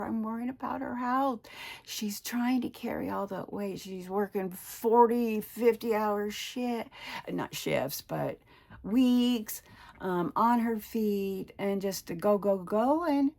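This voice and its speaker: A woman's voice: mid-range voice, slow, creaky, darkish tone. A woman in her sixties talking in a casual personal vlog, chatty and emotional, retelling her conversations. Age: 60s. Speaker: vlogger.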